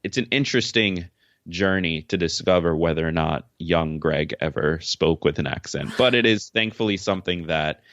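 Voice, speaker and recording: A young man with a very deep, low voice talks through interview questions in an easy, relaxed way, dropping plenty of "uh"s and laughing easily. He grew up in Jamaica. His audio sounds dull and dry, like a lo-fi remote call. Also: normal speed, dry recording. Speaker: podcast host and author, guest. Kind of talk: casual interview answers.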